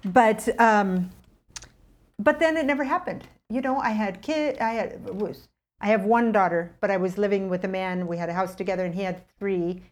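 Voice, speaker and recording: This middle-aged woman, a guest, relates something from her own life in a relaxed, moderately paced manner. When she voices what she used to think, her pitch leaps around with lively energy.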